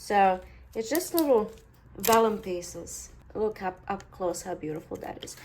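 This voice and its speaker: A woman's voice: mid-range voice, animated, unhurried, a little mellow. A woman chatting casually through a craft tutorial, talkative and playfully sarcastic.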